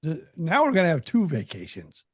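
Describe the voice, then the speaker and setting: A man's voice: fairly high pitch, wildly swooping pitch, fairly quick, husky, no echo, clean studio sound. A male podcast co-host in casual chat, rambling with stammered restarts.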